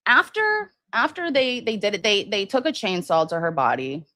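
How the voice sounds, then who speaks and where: A woman's voice: mid-range voice, sing-song, normal speed, sharp tone, no room sound. A woman hosting a casual true-crime livestream, rambling with many fillers and restarts while answering viewers' comments. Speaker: livestream host.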